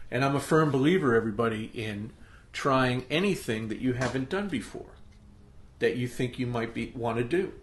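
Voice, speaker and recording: A middle-aged host's expressive, mid-range voice fills a roomy space as he gives a motivational monologue on his podcast at normal speed. The delivery is an emphatic pep talk, dotted with frequent "okay?" check-ins.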